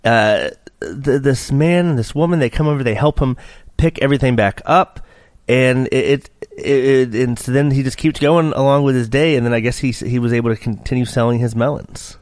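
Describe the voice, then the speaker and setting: A male podcast host who rambles, swears freely and keeps trailing off into fillers as he banters. His voice sits at an ordinary middle pitch. It is recorded close and dry, with almost no room sound. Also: brisk, a little mellow, no room sound. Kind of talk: casual bickering podcast chat.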